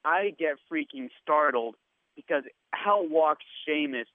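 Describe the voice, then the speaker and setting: A man's voice: on the high side, measured pace, dry recording. A man guest telling a story in a casual chat, acting out the lines of people he met. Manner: animated storyteller, acts out quotes. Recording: tinny phone line.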